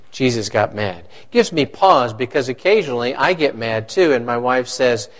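A man's voice: medium pitch, expressive, brisk, few pauses. A man, a pastor, preaching a conversational sermon and asking his congregation questions.

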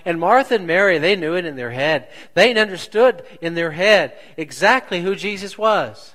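A man preaching a sermon as pastor, slow and deliberate, asking the congregation rhetorical questions. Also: high-pitched, lively intonation, a bit bright, poor audio.

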